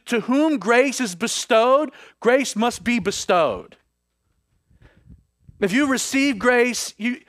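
High-voiced man preaching a dramatic sermon. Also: a bit bright, no room sound, studio quality. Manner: dramatic preaching, voices scripture figures with rising intensity. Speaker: pastor.

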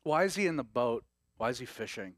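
A man preaching a sermon in an animated, conversational way with laughing asides. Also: medium pitch, fairly quick, no echo, studio quality. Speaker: pastor.

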